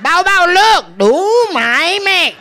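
Man doing a very high, bouncy card dealer, giddy, broken English. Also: very animated, slow, sharp tone, exaggerated voice. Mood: excited. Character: excitable chatty male casino card dealer.

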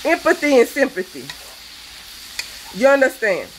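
A woman's voice: high-pitched, wildly swooping pitch, moderate pace, slight background noise, low-quality recording. A woman, a cooking show host, delivering a fervent, preachy rant that scolds her viewers. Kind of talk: impassioned vlog rant.

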